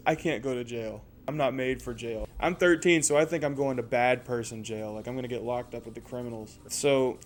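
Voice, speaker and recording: A man in his twenties telling a casual, profane story with lots of energy. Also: mid-range voice. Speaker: storyteller host.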